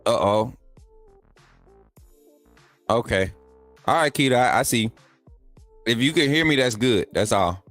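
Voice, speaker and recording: A middle-aged man talks loose and chatty, repeating himself and hyping up his viewers as he hosts a live sports stream. His voice sits at an ordinary, mid-range pitch. It is recorded dry on a close desk mic, with faint music playing underneath. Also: expressive, measured pace, long pauses, fairly bright tone, no room sound. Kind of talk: casual live-stream chat.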